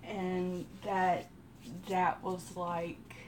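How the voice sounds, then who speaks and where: Texan lady chatting slow while doing her makeup, kinda low voice, lots of pauses. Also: flat delivery, noisy background. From Texas. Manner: slow rambling delivery with many pauses. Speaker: live streamer. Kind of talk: casual storytelling during a makeup routine.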